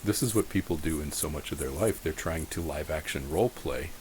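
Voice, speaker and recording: A man hosting a podcast in a slow, earnest and thoughtful way. His voice is very deep, with a faint hiss of noise under it. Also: a little mellow, poor audio. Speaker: podcast host. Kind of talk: reflective podcast conversation.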